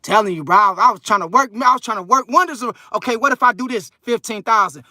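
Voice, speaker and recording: A man's voice: very high voice, expressive, fast talker, bright, forceful tone, dry recording, clean studio sound. A man in his thirties casually chatting on a livestream and reading viewer comments, rambling and slangy with lots of fillers. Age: 30s. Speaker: livestream host reading chat. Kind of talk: casual live chat.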